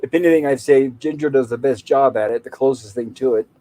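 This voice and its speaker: A man's voice: mid-range voice, fairly quick, mellow, no room sound, low-quality recording. A man casually retelling a TV episode scene by scene as a podcast co-host, quoting its lines in his own plain voice.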